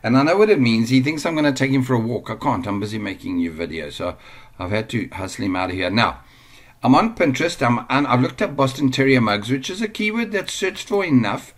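A man's voice: medium pitch, very animated, a little fast. A man teaching an online business lesson at home, chatting casually while sharing his screen, digressing often and easily amused. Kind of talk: casual screen-share tutorial.

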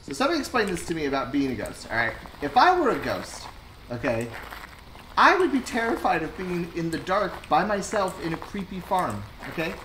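A woman's voice: on the low side, very animated, a little fast, a bit bright. A woman streamer chatting and joking with viewers while playing a co-op game. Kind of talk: casual gameplay chat. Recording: roomy echo with clear background noise.

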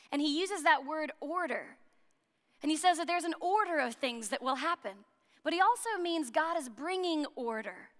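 A woman's voice: high voice, a bit bright. An American woman priest giving a sermon, chatty and humorous, asking the listeners questions. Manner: conversational and humorous, with rhetorical questions. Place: church hall. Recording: long reverb of a church hall.

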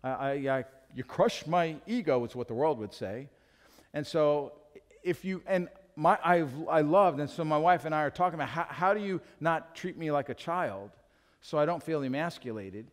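This middle-aged man, pitched a little high, preaches at a moderate pace as a pastor. Speaking frankly and poking fun at himself, he plays out short exchanges with his wife, his words echoing with church hall reverb in the sanctuary.

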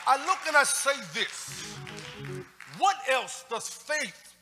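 A man preaching a sermon as pastor, emphatic, with call-and-response lines and bursts of shouting. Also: very high-pitched, very animated, takes it slowly, music in the background, crowd noise. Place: church sanctuary. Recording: church broadcast with long reverb.

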